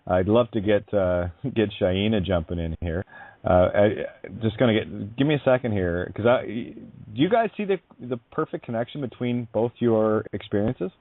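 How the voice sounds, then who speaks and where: A man's voice: lowish voice, normal speed, dry recording. Male talk-radio host, effusive and meandering, tinny dry line. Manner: effusive, calls guest honey, rambling. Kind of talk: spiritual talk radio chat.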